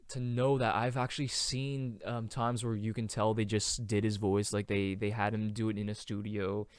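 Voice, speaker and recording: A young man hosting a casual solo podcast, rambling with many fillers and now and then trying out falsetto singing. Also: darkish tone, dry recording, studio quality. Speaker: podcast host.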